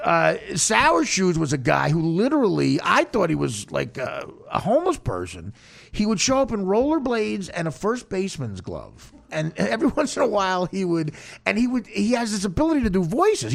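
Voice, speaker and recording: Male podcast host, gravelly and expressive, self-mocking storyteller who stammers. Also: high voice, normal speed. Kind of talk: casual storytelling chat.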